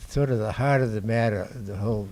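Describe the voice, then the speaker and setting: An older man from Boston speaks to a gathered audience in a low, mellow voice. His telling is halting and unhurried, full of small pauses as he recalls his work as a filmmaker. A faint hum of the room sits behind him. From Boston, USA. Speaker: documentary filmmaker. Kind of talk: anecdotal talk to an audience. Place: indoor screening before an audience.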